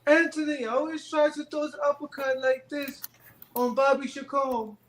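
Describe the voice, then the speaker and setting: A man doing a high-voiced old boxing trainer. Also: level tone, normal speed, fairly bright tone, roomy sound. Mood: reminiscing.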